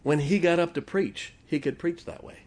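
A man's voice: a little high, normal speed, a little mellow, a little hiss or hum. A middle-aged man, preaching a sermon in church in a folksy storytelling manner. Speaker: pastor.

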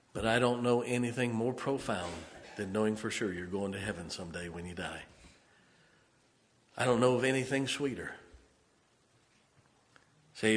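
Male pastor, low voice, storytelling sermon, echoing church hall. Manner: storytelling preacher, rises to emphatic exhortation. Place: church sanctuary.

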